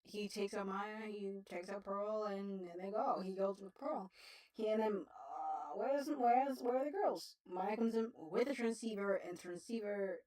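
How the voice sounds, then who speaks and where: A woman's voice: medium pitch, a little slow, darkish tone, distant mic, low-quality recording. A woman streamer chatting casually on a livestream, rambling, swearing and laughing often.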